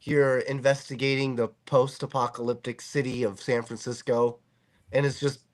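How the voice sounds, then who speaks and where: A man's voice: medium pitch, little pitch movement, moderate pace. A man hosting a podcast, chatting casually and cracking jokes. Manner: joking, wisecracking. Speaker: podcast host.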